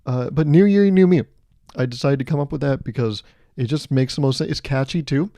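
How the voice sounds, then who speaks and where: A man's voice: medium pitch, steady tone, fairly quick, a little mellow, no echo. A man hosting a podcast, rambling through a playful comedic monologue full of self-amused asides. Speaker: podcast host.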